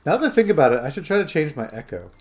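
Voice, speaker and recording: Chatty streamer man, lively intonation. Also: fairly high pitch, rapid-fire. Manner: rambling, chatty, talking to chat and his phone. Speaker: game streamer. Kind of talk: casual live-stream chat.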